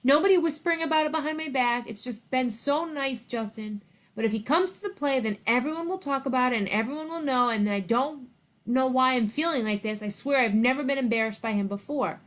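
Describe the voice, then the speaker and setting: A woman reads out a teenage girl close to sobbing, defensive and ashamed. The voice rides high and loud, pleading with each line in this storybook reading. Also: brisk, few pauses, natural voice. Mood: tearful.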